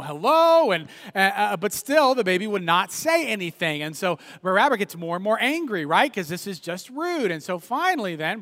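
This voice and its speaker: Bright, animated male preacher. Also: high-pitched, in a large hall. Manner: animated storytelling, keeps asking "right?". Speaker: pastor. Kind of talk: sermon.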